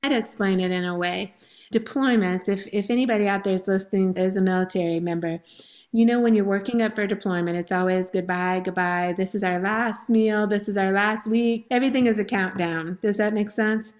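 Her voice is medium-pitched, steady and darkish, moving a little fast as she gives a personal testimony in a faith interview. The guest, a woman in her forties, is earnest and emotional, sometimes laughing, sometimes close to tears.

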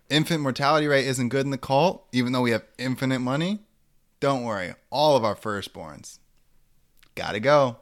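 A man's voice: medium pitch, normal speed. A man co-hosting a casual comedic chat, riffing on a joke idea and acting out mock quotes with bursts of laughter.

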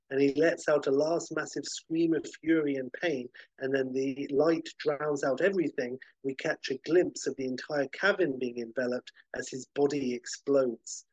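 A man hosting a podcast, narrating a film pitch vividly, with occasional fillers. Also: darkish tone, no room sound, poor audio. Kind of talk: animated story pitch.

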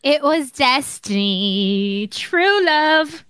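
A woman's voice: high voice, expressive, extremely slow, a bit bright, no room sound, studio quality. A woman co-hosting a podcast, bantering playfully in casual chat. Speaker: podcast co-host.

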